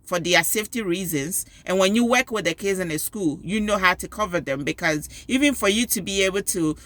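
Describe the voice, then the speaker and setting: A woman with a bright, forceful voice retells a story with lively emphasis. She is a school parent giving personal advice to her viewers, in the middle of her pitch range. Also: a little fast, dry recording. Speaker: parent and PTO volunteer.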